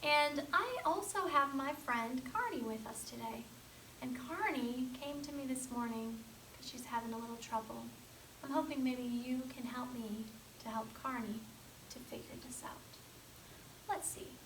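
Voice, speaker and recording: School counselor lady, gentle coaxing kid-lesson talk, kinda high voice, roomy echo. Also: unhurried. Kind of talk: puppet lesson for children. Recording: echoey room, distant mic, faint hiss.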